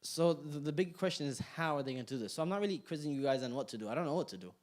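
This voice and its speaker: Young male instructor, slightly high voice, lively and jokey, quizzes the audience in a community classroom. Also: rapid-fire. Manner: animated, joking, questions the room. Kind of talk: interactive class talk.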